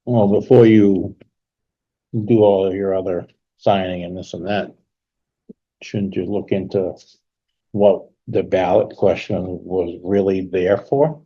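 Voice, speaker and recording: A man's voice: low-pitched, fairly even intonation, slow, pauses often. A man with a New England accent, a resident at a town meeting, speaking in a skeptical, cautionary way. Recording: dull community TV audio.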